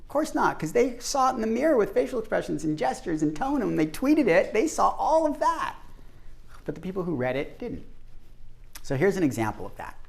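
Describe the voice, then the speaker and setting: A man's voice: high voice, sing-song, a little fast, gravelly. A man presenting an interactive workshop to a group, talking animatedly and acting out the voices he quotes.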